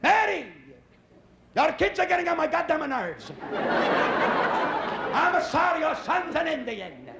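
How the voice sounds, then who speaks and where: A man voicing a bossy old Italian mother who is loud, blunt and exasperated, on stage. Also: very high-pitched, big pitch swings, a little slow, creaky, pauses often, a loud crowd, heavy background noise, voice pushed up, heavily acted. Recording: echoey club with loud audience.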